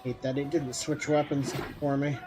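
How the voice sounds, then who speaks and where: A man giving casual commentary while playing a video game, thinking aloud in a relaxed, rambling way. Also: medium pitch, moderate pace, very noisy. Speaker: gamer streamer.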